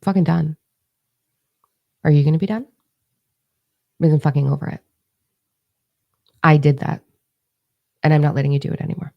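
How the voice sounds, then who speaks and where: Blunt, gravelly-voiced woman spiritual coach. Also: deep voice, little pitch movement, fairly quick, pauses often, muffled recording. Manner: blunt, heavy swearing, emphatic calls to action. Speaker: spiritual coach hosting a live stream. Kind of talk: intense motivational talk to viewers.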